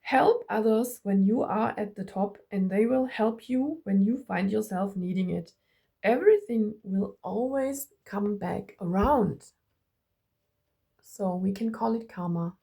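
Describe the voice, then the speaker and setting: Slow, gravelly German-accented woman. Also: medium pitch. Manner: gushing, affectionate, repeats herself excitedly; laughs often while talking. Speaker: tarot and oracle card reader. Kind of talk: card-reading vlog addressed to viewers.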